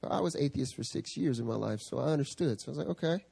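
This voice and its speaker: A male pastor preaching a sermon, telling a story with animated quoted voices. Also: medium pitch, quick pace, creaky, breathy edge. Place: church service.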